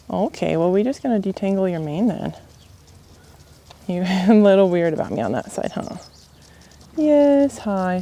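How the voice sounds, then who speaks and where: A woman coaxes a wild young horse outdoors in a slow, unhurried voice that rises and falls a lot. Her tone is mellow and low-key, and she often sinks into a near whisper. Birds and animals can be heard around her. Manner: gentle, soothing, often hushed to a whisper. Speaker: horse trainer in a gentling challenge. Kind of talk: soft-spoken talk to a horse.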